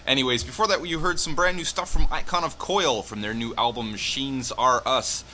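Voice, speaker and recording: A man's voice: mid-range voice, normal speed, bright, forceful tone, a little hiss or hum. A man hosting a radio show as DJ, talking casually between tracks with lots of fillers and wry asides.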